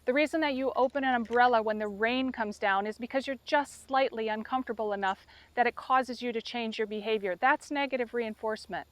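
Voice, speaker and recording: A woman's voice: on the high side, a little fast, hardly any pauses, no room sound. Impassioned woman, dry close sound. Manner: impassioned and emotional, addressing critics directly. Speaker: dog trainer. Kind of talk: direct-to-camera appeal.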